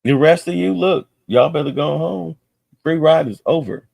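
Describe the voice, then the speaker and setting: A man rants on a live stream, cursing freely and mocking as he goes. His fairly high voice has a gravelly fry, and the sound is dry and close. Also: normal speed, a little mellow, no room sound. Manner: profane, heated, mocking. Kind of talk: ranting political commentary.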